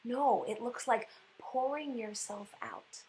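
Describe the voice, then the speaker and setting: A woman giving a casual spiritual reflection on her vlog, animated and chatty, with lots of "like" fillers. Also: a little high, slow pace, slight background noise, low-quality recording. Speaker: Catholic speaker and vlogger.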